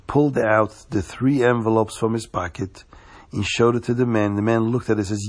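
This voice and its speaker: A man telling a story, slowing down for suspense. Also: lowish voice, fairly even intonation. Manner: slows down for suspense.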